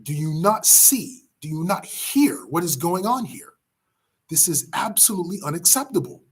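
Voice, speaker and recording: A man's voice: on the high side, expressive, normal speed, husky. A man voicing a young male prince who urgently and indignantly pleads with his elders.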